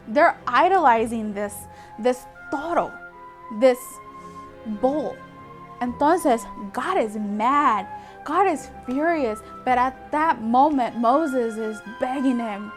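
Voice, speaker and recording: A woman retelling a Bible story for children in a lively, chatty way, talking straight to her young audience. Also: fairly high pitch, slow, faint music behind.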